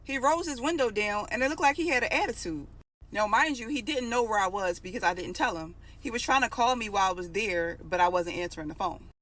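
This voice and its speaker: A woman in early adulthood recounts a personal story in a loose, conversational way. Her voice sits in a middle pitch and carries strong feeling through the telling. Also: expressive, brisk, fairly bright tone. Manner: emotional, conversational retelling. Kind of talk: casual storytime.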